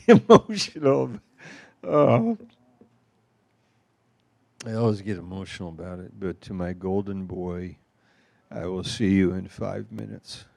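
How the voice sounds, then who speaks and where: A man's voice: on the low side, vocal fry, dry recording, clean studio sound. A man speaking as a pastor in an informal church talk, rambling and emotional, laughing through his stories.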